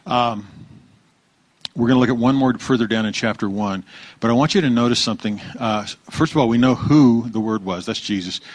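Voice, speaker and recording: A man preaching a conversational sermon, relaxed, asking the congregation questions and repeating their answers. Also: medium pitch, brisk, no room sound. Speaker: pastor.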